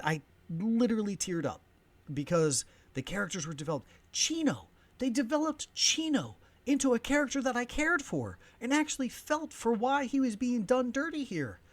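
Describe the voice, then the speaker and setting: A man in his thirties or forties hosting a podcast, ranting excitedly in a movie review, swinging between loud emphasis and soft asides. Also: very high-pitched. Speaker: podcast host, film reviewer.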